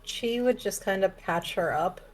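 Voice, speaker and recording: A woman's voice: medium pitch, a little slow, low-quality recording. A woman chatting casually as a player in a tabletop game, laughing often.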